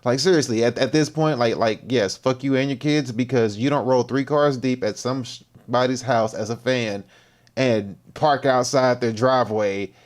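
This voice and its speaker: A man's voice: medium pitch, moderate pace. A man hosting a livestream who reacts to a clip with laid-back slang and plain agreement. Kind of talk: casual reaction commentary.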